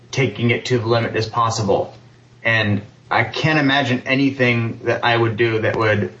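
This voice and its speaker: A man's voice: mid-range voice, fairly bright tone, lo-fi sound. A man speaking earnestly and candidly as a panelist. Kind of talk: panel discussion.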